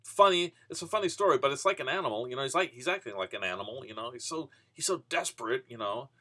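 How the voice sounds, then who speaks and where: A man's voice: medium pitch, animated, fast talker, sharp tone. A man casually telling a rambling personal story, full of "you know" and restarts. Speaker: vending business vlogger.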